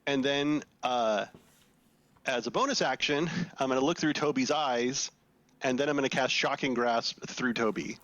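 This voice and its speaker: A man taking his turn at a tabletop game, hesitating and thinking out loud. He has a mid-range voice, and the sound is dry and close, with no room echo. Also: medium pitch, moderate pace, highs cut off. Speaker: player. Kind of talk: casual chat.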